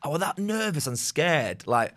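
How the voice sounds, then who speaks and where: A man's voice: on the high side, sing-song, a bit bright. A man, telling rambling, sweary stories as a podcast guest. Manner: fast, rambling, swears often, laughs. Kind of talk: casual storytelling chat.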